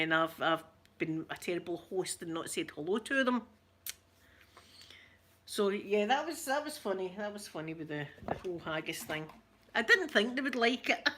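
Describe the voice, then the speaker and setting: Bright-voiced Scottish woman chatting. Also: mid-range voice. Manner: chatty storyteller who laughs often. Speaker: livestream host. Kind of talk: casual chat with viewers.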